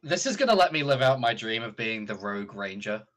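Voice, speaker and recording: A man's voice: medium pitch, very animated, brisk, fairly bright tone. A man playing in a tabletop game, chatting casually, laughing easily and answering with short agreements. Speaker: player.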